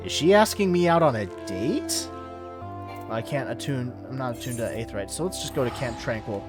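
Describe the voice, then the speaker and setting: A man casually commenting on his own game playthrough, quiet and muttering, swearing when frustrated. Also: medium pitch, expressive, a little fast. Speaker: gamer narrating his playthrough. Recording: clear background music.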